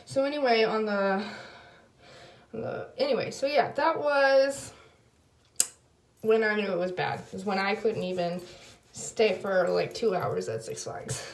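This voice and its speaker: A woman's voice: mid-range voice, a little slow, pauses often. A young woman telling a story in a casual video diary, rambling with lots of fillers and quoted back-and-forth, and apologizing in self-conscious asides. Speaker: vlogger. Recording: echoey room.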